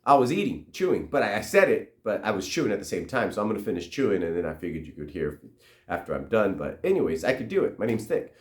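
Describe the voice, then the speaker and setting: A man's voice: lowish voice, sing-song, fast talker, a little mellow. A man voicing a chatty, rambling male raccoon who is always eating. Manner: rambling, matter-of-fact. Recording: roomy echo.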